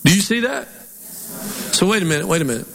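A pastor with a Southern twang preaching a sermon in an animated, folksy way, putting on mock voices. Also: male voice, high-pitched, fast talker, vocal fry. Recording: long hall reverb.

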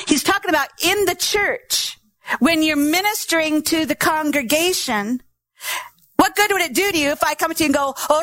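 A woman's voice: high voice, a bit bright, dry recording. A middle-aged woman pastor preaching a sermon, teaching patiently and sounding out syllables to demonstrate.

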